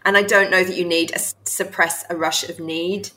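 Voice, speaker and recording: A woman with a low-pitched, bright and forceful voice gives frank, chatty critique of someone's writing. She laughs easily and reads lines aloud as she goes. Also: flat delivery, normal speed. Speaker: podcast host giving writing feedback. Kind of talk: casual critique chat.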